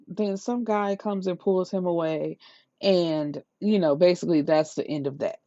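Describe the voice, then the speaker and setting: A woman reviewing a book in a casual rant, retelling the plot in an incredulous, profane, lively way. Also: mid-range voice, normal speed, creaky, no echo. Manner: incredulous, profane, animated storytelling. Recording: slightly dull lo-fi sound, dry.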